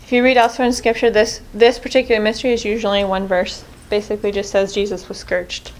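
A woman with a mid-range voice and level tone talks fast as she earnestly leads a group prayer reflection on scripture. She often restarts and corrects herself mid-sentence.

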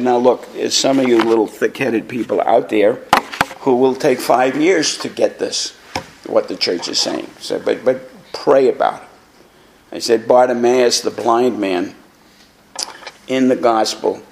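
Blunt gravelly old preacher, 80s. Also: male voice, medium pitch, a little hiss or hum. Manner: rambling, blunt, repeats words as he restarts. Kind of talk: anecdotal talk to a live audience.

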